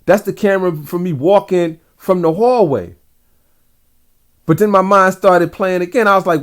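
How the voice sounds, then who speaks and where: A man recounts a dream in a loose, rambling way, speaking straight to his audience with plenty of slang. His voice sits a little higher than most men's. It sounds unscripted and personal, like a casual vlog. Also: moderate pace. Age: adult father. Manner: rambling, talks to viewers directly, slangy. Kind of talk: casual storytelling.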